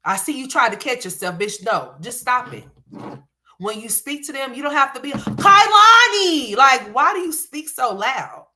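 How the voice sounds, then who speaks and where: Blunt, profane woman scolding with a bright voice. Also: fairly high pitch, expressive, normal speed. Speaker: commentary host. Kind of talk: reaction commentary.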